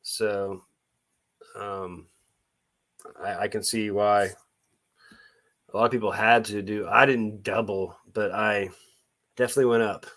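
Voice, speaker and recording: A man's voice: lowish voice, fairly even intonation, a little slow, pauses often, fairly bright tone. A man chatting casually on a live stream, rambling with many restarts and greeting viewers by name. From Missouri.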